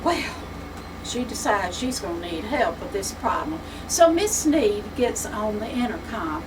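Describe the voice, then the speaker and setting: A woman telling a folksy story in an animated way, recorded on a distant mic. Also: medium pitch, a little slow. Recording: distant mic with background noise.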